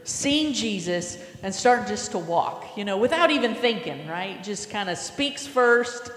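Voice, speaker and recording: A woman's voice: mid-range voice, expressive, a little slow. A woman preaching a sermon, telling a story with imagination and asking her listeners questions. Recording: echoey hall with long reverb.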